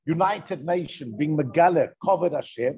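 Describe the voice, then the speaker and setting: Brisk and lively in intonation, a man's slightly high voice leads a classroom Torah lesson with text reading. He talks it through conversationally, tosses out rhetorical questions, and uses Hebrew terms, all on a dull, lo-fi recording.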